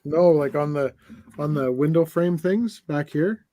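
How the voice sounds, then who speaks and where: A man's voice: fairly high pitch, unhurried, mellow, a little hiss or hum. A man hosting a casual building stream, chatting easily and laughing as he tells stories. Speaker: host. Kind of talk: casual chat while building sets.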